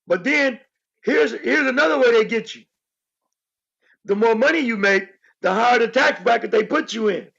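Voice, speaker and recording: A man co-hosting a casual talk show, explaining his points emphatically and repeating them for stress, with a raspy voice. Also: very high-pitched, animated, moderate pace, fairly bright tone, lo-fi sound. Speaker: co-host. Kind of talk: casual podcast discussion.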